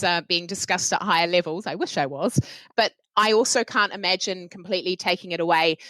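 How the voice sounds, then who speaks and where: A woman with a New Zealand accent talks through trial results in a roundtable, frank and measured. Her voice sits a little low. The sound is dry and close. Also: a bit bright, no room sound. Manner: frank and measured, careful with drug names. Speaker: oncologist. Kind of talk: roundtable discussion.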